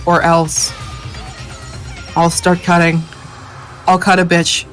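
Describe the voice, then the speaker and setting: A man's voice: a little high, completely flat delivery, slow, fairly bright tone, soft background music. A man voicing a vain, bratty teenage girl in a catty, taunting way during a game playthrough.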